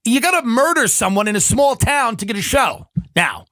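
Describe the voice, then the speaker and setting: A man's voice: very high voice, very animated, moderate pace, pushed and bright, dry recording. A man doing a profane, sarcastic comedic rant, mocking and swearing as he goes.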